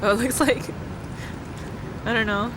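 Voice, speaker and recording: A woman's voice: on the high side, fairly even intonation, a little slow, over music, low-quality recording. A woman co-hosting a casual food-tasting vlog, making short, agreeable remarks. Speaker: vlog co-host. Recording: clear background noise.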